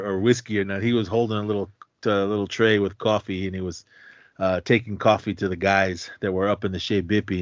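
A man's voice: lowish voice, no echo. A man co-hosting a podcast, recapping a movie scene in casual chat, laughing often and acting out the lines. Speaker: podcast co-host. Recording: dull lo-fi dry audio.

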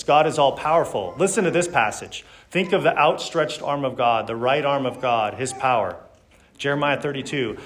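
Man, Sunday school teacher, earnest, emphatic scripture reading, mid pitch. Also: animated, moderate pace, a bit bright. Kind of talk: church Sunday school lesson.

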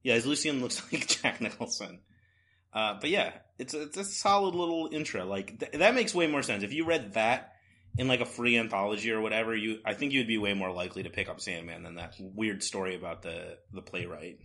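A man's voice: lowish voice, fairly quick, bright, forceful tone. A man co-hosting a casual podcast chat about comics, loose and conversational with many fillers. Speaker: podcast co-host. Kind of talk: casual comic book discussion.

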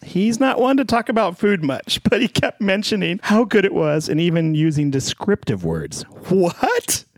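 A man's voice: sits high, very animated, normal speed, few pauses, dry recording, pitched above the performer's own voice. A man putting on a playful silly voice to read out a gushing restaurant review in mock-dramatic style.

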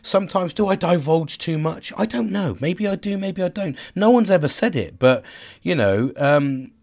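A man's voice: high-pitched, lively intonation, moderate pace, creaky, darkish tone. A man, talking openly and casually to camera, rambling with many restarts and frequent swearing. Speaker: vlogger. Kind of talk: casual personal monologue.

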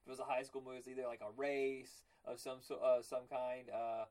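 Man, casual podcast host, rambling, animated, middle-pitched voice, remote call. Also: fairly quick. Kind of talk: casual movie chat.

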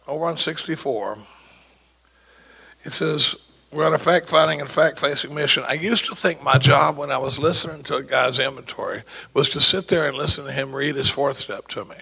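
A man sharing at a meeting as a recovery sponsor tells rambling anecdotes full of quoted dialogue and many false starts. His fairly high voice is gravelly, husky, and sharp in tone at normal speed, on a low-quality recording.

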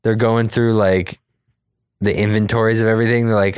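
A man's voice: fairly low pitch, fairly even intonation, moderate pace, clear, resonant tone, no echo, studio quality. A man casually recapping a cartoon episode, swearing freely and acting out the characters' lines with lots of energy. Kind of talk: casual chat.

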